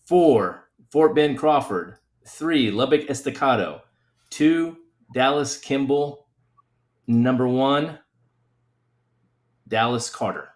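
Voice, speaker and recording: A man with a mid-range voice co-hosts a relaxed podcast. He reads through a ranked list plainly and matter-of-factly, without any announcer flourish. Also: medium pitch, slow pace, pauses often. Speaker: podcast co-host. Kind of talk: casual podcast chat, reading out a list.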